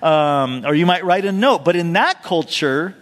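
Brief: a man preaching in a church, easygoing, plenty of asides, a fairly high voice, echoing hall. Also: animated, a little slow, a bit bright. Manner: conversational, with asides and rhetorical questions. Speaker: pastor. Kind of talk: expository sermon. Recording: long hall reverb.

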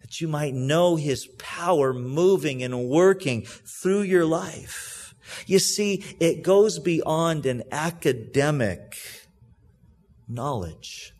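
A man with a notably high voice preaches a sermon. He explains scripture earnestly, leaning hard on key words and then letting his voice sink to a quiet, intimate tone. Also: slow. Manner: earnest, emphatic, swings between loud stresses and hushed asides; explains and reads scripture aloud to a congregation. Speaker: pastor.

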